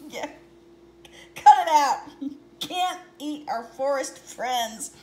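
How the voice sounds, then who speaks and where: A woman's voice: sits high, expressive, extremely slow, warm tone, echoey room, slight background noise. Giggly woman reading a picture book. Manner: giggly, with chatty asides between pages.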